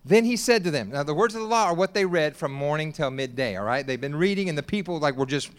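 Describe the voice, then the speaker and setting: Male pastor, high smooth voice, animated joking sermon that climbs to shouts. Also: fast talker. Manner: lively, joking preaching that rises to shouts.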